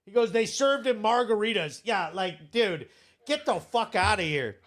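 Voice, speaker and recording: A man's voice: high-pitched, expressive, moderate pace, fairly bright tone. A man hosting a live show, ranting bluntly and sarcastically in casual commentary, swearing freely. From Vermont.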